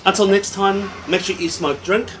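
A man's voice: high voice, steady tone, normal speed, fairly bright tone, slight background noise, poor audio. A man reviewing a whisky in a casual vlog. He is a little tipsy, and he rants animatedly and swears freely between tasting notes.

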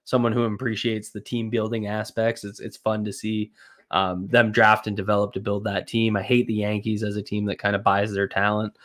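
A man with a Canadian accent, a guest analyst in casual sports chat, relaxed and hedging with many fillers. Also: fairly low pitch, moderate pace.

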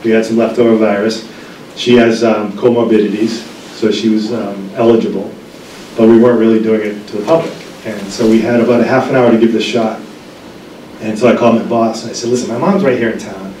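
A man's voice: fairly low pitch, steady tone, fairly quick, mellow, recorded from a distance, a little hiss or hum. Brief: man, 50s, pharmacist lecturing, anecdotal and chatty, echoey room, mic set back. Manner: chatty storyteller with frequent restarts and ums. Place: library meeting room.

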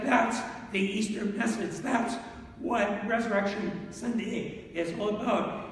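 High-voiced man preaching in an echoey hall. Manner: animated preaching, reads scripture slowly in old wording. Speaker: pastor. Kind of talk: sermon. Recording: echoey hall from far off, faint noise.

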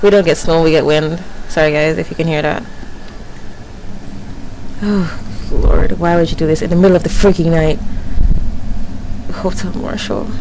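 A woman's voice: low-pitched, fairly even intonation, moderate pace, gravelly, long pauses. Young woman freaking out at a horror game, panicky, faint hiss behind. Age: early 20s. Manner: jittery, panicky, self-mocking. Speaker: gamer. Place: home, windy night outside.

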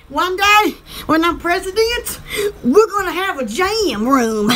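Lady vlogging, super high voice, gushes oh my gosh constantly. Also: lively intonation, takes it slowly, pushed and bright, a little hiss or hum. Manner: gushing, lots of "oh my gosh". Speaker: channel host. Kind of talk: rambling excited vlog chat.

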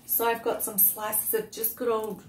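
A woman's voice: fairly high pitch, level tone, normal speed, echoey room. Aussie lady with a cough rambling thru a cooking vlog, kinda far off mic, faint noise behind. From Australia. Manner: chatty, rambling, often trails off into asides. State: unwell, coughing. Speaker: vlogger. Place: outdoors on a windy day.

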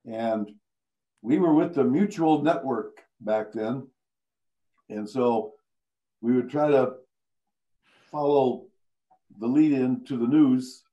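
A man's voice: mid-range voice, poor audio. An older man, a veteran radio broadcaster from Iowa, telling anecdotes and chuckling through the funny parts. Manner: chuckling, animated storyteller who laughs through his punchlines. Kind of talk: anecdotal storytelling.

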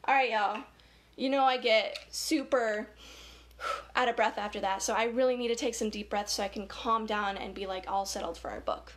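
An upbeat woman hosting a children's story time over a webcam, with a fairly high voice. She talks straight to the kids, giggling easily as she leads them along. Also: moderate pace, a bit bright, a little hiss or hum.

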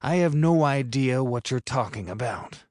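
A man's voice: medium pitch, lively intonation, normal speed, a little mellow, dry recording, lightly acted. An earnest, starstruck teenage boy, read by a man, tries hard to sound brave. His delivery runs overdramatic and sincere. The recording is dry and close for an audiobook.

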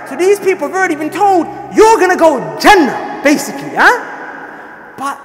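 A man preaching a sermon with impassioned delivery, often rising to near shouting. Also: very high-pitched, very animated, fast talker. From South Asia. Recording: echoey hall.

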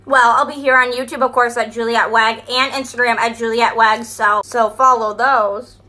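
High-voiced bubbly young woman vlogger. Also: normal speed. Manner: upbeat, goofy, chatty. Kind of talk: casual vlog narration. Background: background music.

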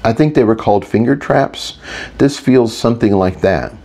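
A man voicing a confident, deadpan young woman mage in an audiobook. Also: mid-range voice, moderate pace, pitched above the performer's own voice, natural voice. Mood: calm. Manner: smooth, deadpan. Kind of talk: audiobook character voice.

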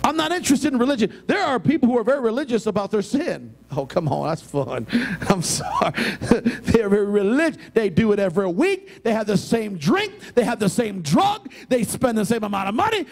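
A man preaching as a pastor, talking with feeling, drops into quiet asides and rises to shouted emphasis. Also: high voice, brisk, vocal fry. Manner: lively, swings between quiet asides and loud shouted emphasis. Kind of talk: sermon.

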